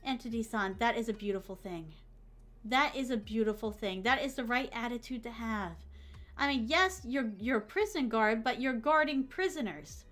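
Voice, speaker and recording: A woman's voice: a little high, normal speed, a bit bright, soft background music. A woman streamer in a bubbly, gushing casual chat who reads out viewer messages and adds Japanese honorifics to names. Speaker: VTuber streamer.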